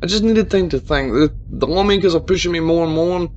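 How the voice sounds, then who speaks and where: A man's voice: fairly high pitch, quick pace, a little mellow, muffled recording, slight background noise, voice pushed up, lightly acted. A man voicing a desperate middle-aged male mayor, sobbing and begging in a strained voice.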